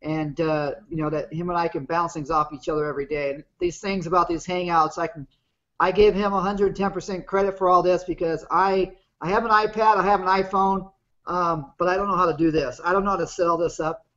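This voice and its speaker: A man's voice: high voice, fairly even intonation, fairly quick, fairly bright tone. A man in his fifties telling his personal story on a webinar in a plain-spoken, rambling way. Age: 50s. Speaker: guest business partner. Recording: muffled lo-fi video call audio.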